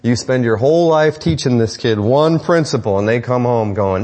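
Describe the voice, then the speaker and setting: A man's voice: mid-range voice, moderate pace, few pauses, a little mellow. A middle-aged man preaching a sermon to parents in a conversational, joking way, with self-deprecating asides. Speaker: pastor.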